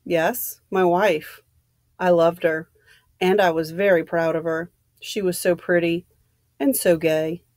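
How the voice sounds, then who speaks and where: Old soldier, gentle and grave, low-key; read by a woman. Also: fairly even intonation, takes it slowly, no echo, clean studio sound. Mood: musing. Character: old male army general, quiet and weary.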